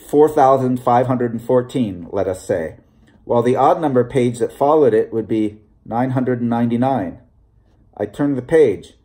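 Guy reading a short story out loud, slow and careful, warm dark tone. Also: mid-range voice. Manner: measured, deliberate reading. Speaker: audiobook reader. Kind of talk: scripted narration.

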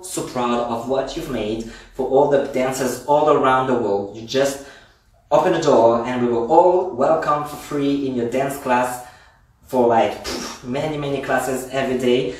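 A man from France with a French accent, teaching a line dance class from home in a chatty, effusive way and counting the steps aloud. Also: medium pitch. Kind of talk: live-streamed dance class. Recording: roomy echo, mic at a distance.

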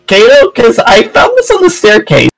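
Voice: medium pitch, wildly swooping pitch, normal speed, vocal fry. A performer voicing a timid, easily scared student in a fan audio drama, stuttering out of fear. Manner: stuttering, fearful.

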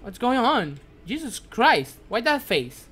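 A man whose first language is Spanish, streaming a game live in broken English, jumpy and quick to yelp and curse when startled. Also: very high-pitched, big pitch swings, fairly bright tone, husky. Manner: broken, non-native English.

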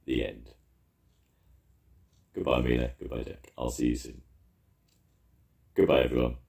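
An older man, a storytelling grandad, reading a children's story aloud with expressive delivery. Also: a bass voice, unhurried, creaky.

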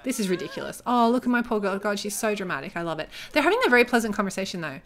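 A young woman chatting casually as she comments on her life-simulation gameplay, excitable and joking as she reacts. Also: mid-range voice, very fast. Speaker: gaming YouTuber.

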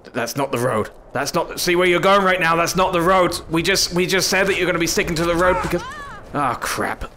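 A man's voice: fairly high pitch, brisk, pushed and bright, a little hiss or hum. A man giving comedic let's-play commentary, scolding and fussing over an in-game companion in an exasperated way. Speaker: gaming YouTuber.

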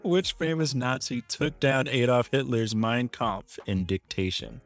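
A man's voice: mid-range voice, a little slow, few pauses, soft background music. A man hosting a casual podcast, reading out quiz questions and teasing his guests with frequent laughter. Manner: teasing, laughs often, reads options aloud. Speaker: podcast host, quizmaster.

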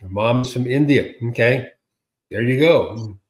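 A man co-hosts a casual political talk show in an animated, sarcastic manner. He piles up repeated words and slips into mocking quotes. His voice sits at an ordinary middle pitch. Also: unhurried. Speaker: co-host.

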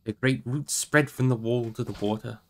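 A man reading a fantasy novel aloud on a live stream in a steady, measured way. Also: mid-range voice. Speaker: audiobook reader on a live stream.

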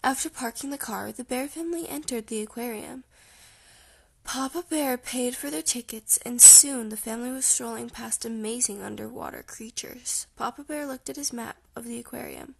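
A woman reading a children's storybook aloud softly, sometimes near a whisper. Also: fairly high pitch, normal speed, vocal fry, breathy edge. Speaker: audiobook reader.

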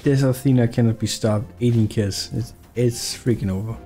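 A man giving excitable gameplay commentary, swearing and laughing as he plays. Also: medium pitch, normal speed, over music. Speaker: gaming YouTuber.

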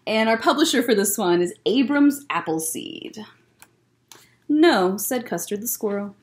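Lively young woman reading to kids. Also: fairly high pitch, moderate pace. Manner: chatty and friendly, speaking to young children; animated, bouncy delivery. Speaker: children's librarian hosting story time. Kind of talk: virtual story time, reading a picture book aloud. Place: in a public library.

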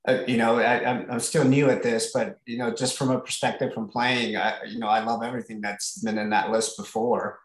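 A man's voice: medium pitch, little pitch movement, brisk, hardly any pauses. A man who is a new coach and parent, asking a question tentatively while thinking aloud. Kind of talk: casual webinar question. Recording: echoey room.

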